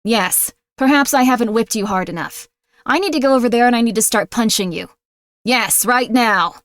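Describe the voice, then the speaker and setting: A woman playfully voicing a stern, domineering female taskmaster who mock-yells orders at her audience. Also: on the high side, normal speed, close to an everyday voice. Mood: imperious. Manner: mock-yelling, imperious scolding. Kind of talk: playful role-play on a livestream.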